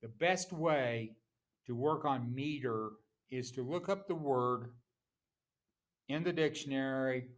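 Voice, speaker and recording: Slow-talking male teacher explaining. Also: mid-range voice. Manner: slow, explanatory, reads examples aloud with stress. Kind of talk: classroom lecture.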